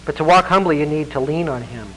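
A man's voice: fast, a little hiss or hum, rough recording. A man preaching a sermon as pastor, emphatic, with conversational asides and chuckles, then leading a prayer. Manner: emphatic preaching with wide swings in pitch and loudness. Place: church congregation.

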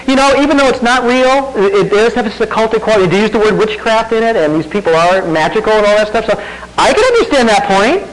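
A man pastor gives a sermon in a relaxed, talky way, tossing rhetorical questions to his listeners. His voice sits fairly high and swings up and down a lot. A faint hum runs underneath. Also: fast, low-quality recording. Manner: conversational preaching with rhetorical questions and self-deprecating laughs.

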